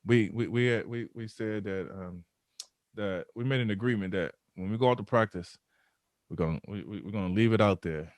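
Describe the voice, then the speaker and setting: A man's voice: on the low side, moderate pace, no room sound. A man, a former football player, telling a story in a casual conversational interview, often repeating words as he builds up the tale. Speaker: podcast guest, former pro football player.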